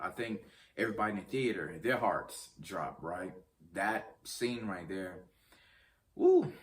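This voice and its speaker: A deep-voiced man, caught on a distant mic, chats casually on his own movie review vlog. He talks straight to his viewers and rambles, often stumbling over ums and starting over.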